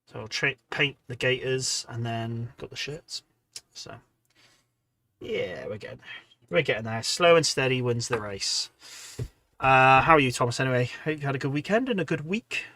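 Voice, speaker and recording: Male streamer, tired, chatty, rambling casual talk, mid-range pitch. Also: lively intonation, normal speed, pushed and bright. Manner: rambling, chatty, many ums and restarts, reading out chat. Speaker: hobby livestream host. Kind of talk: casual livestream chat while painting miniatures.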